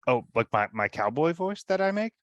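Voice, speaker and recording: A man's voice: fairly high pitch, sing-song, a little fast, fairly bright tone, no room sound, lo-fi sound. A man playing in a tabletop role-playing game, chatting casually and asking about the rules. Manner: chatty, asks about rules, laughs easily. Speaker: player.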